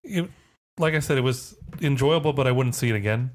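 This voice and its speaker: A man's voice: mid-range voice, brisk. A young man hosting a podcast, telling rambling stories in casual chat and laughing often. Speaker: podcast host.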